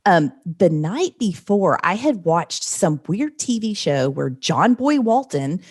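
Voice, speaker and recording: A woman in her fifties, a podcast guest, telling a personal story in an earnest, vivid, unhurried way. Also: fairly low pitch, very animated, slightly rough.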